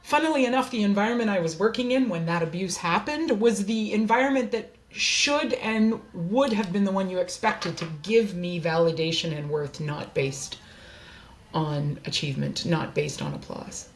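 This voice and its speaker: A woman's voice: fairly low pitch, moderate pace. A woman hosting a candid personal monologue from her desk, speaking in an earnest, open and heartfelt way. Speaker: host.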